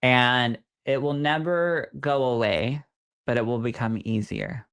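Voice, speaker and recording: A man's voice: medium pitch, a little slow, clear, resonant tone. A man co-hosting a podcast, chatting casually and reading listener messages aloud, affectionate and sassy. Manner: warm, affectionate, sassy asides. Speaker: podcast co-host and psychic medium.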